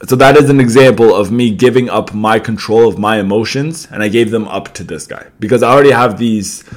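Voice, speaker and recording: A man's voice: on the low side, a little fast. A young man, hosting a podcast and telling a casual story, laughing often, swearing, and asking "right?" a lot. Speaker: podcast host.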